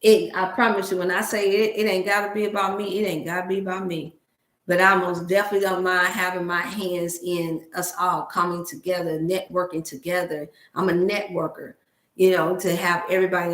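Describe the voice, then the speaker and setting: A woman's voice: fairly low pitch, flat delivery, a little fast, fairly bright tone. Woman livestream host, Black dialect, emotional and preachy, talking at home into an echoey room. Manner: emotional, preachy, speaks to viewers as family. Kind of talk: casual livestream talk to viewers. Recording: roomy echo.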